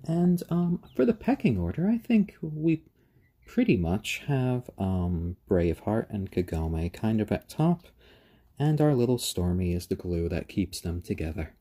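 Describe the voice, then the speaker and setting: Gentle male live-stream host; low, husky, lively in pitch. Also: a little slow. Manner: gentle, coos to the birds. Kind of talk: casual live-stream chat.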